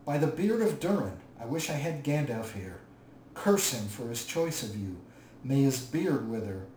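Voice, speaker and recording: A man voicing a proud, wrathful dwarf king who shouts in anger, in an audiobook reading. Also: mid-range voice, lively intonation, a little slow, close to an everyday voice. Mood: raging. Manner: loud, raging shouts. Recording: roomy, distant mic, faint hiss.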